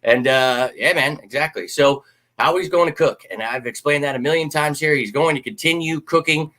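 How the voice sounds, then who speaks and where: Bright, animated male sports streamer. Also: on the high side, moderate pace. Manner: animated, blunt, swears, talks straight to viewers. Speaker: sports channel host. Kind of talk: casual live-stream chat.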